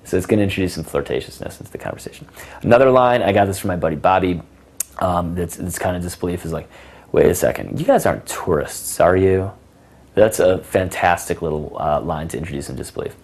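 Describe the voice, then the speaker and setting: With a low voice and a quick pace, a male dating coach shares conversation advice in a loose, playful style. He performs sassy example lines as part of the casual lesson.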